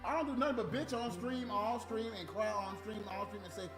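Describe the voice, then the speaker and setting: A man's voice: a little fast, hardly any pauses, roomy sound, music in the background. A man talking casually and profanely to his viewers on a livestream, mocking and ranting. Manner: profane, mocking, mimics high squeaky voices.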